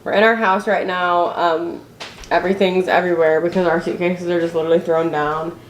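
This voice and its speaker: A young woman from Indiana chats to the camera in her house, telling a story in a loose, rambling way full of fillers and restarts. Her voice sits a little low. The room echoes noticeably, with a faint hiss underneath. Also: steady tone, brisk. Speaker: family vlogger. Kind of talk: casual chat to camera. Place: her home, indoors.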